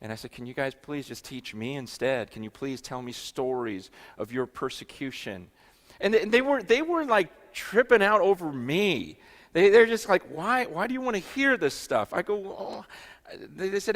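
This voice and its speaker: Animated man preaching a sermon. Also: fairly high pitch, normal speed. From United States. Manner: animated, many restarts, swings from hushed to loud. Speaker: pastor. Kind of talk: sermon storytelling.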